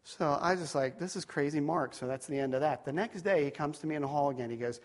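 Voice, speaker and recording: A middle-aged preacher shares a story from his own life, looping through side comments and false starts and lowering his tone when things turn serious. His voice is fairly high and quick.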